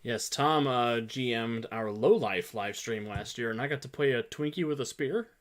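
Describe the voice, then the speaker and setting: A man hosting a tabletop game stream, handing over to players with brisk jokes. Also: mid-range voice. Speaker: host. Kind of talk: casual chat.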